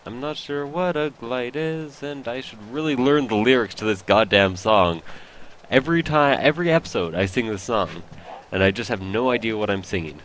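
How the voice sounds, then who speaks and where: There's slight background noise as a let's play host with a medium-pitched, a bit bright voice comments on a video game at a moderate pace. French is his first language, and he rambles and pokes fun at himself.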